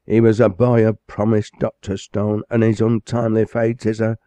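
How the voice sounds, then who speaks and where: A man voicing a gruff parson with a harsh voice in a storybook reading. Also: on the low side, a little slow, warm tone, no echo, pitched above the performer's own voice. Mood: grieving.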